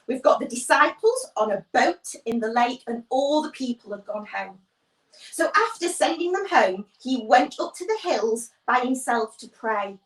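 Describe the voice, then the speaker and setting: A woman's voice: high voice, moderate pace, far from the mic. A woman leading a children's church livestream, animatedly telling a Bible story and greeting viewers from the comments. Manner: animated, acts out voices, reads viewer comments. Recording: echoey room, off-mic.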